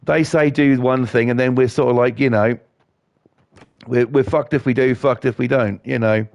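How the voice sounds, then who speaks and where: A man's voice: mid-range voice, fairly even intonation, normal speed, a little mellow, no room sound, muffled recording. A man, ranting and swearing in a rambling way while he plays a video game. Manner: profane, rambling, indignant. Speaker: gaming YouTuber.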